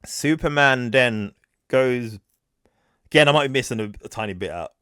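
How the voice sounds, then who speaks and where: A man's voice: mid-range voice, moderate pace, sharp tone, clean tone, no room sound, clean studio sound. A man co-hosting a podcast who casually retells film scenes and often drops in short agreements. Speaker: podcast co-host.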